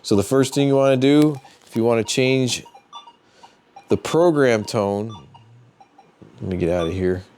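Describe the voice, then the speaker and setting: A man hosting a metal detecting channel, explaining device settings in a relaxed, plain-spoken tutorial and thinking aloud as he goes. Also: mid-range voice, a little slow, pauses often, a little hiss or hum. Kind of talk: casual how-to tutorial.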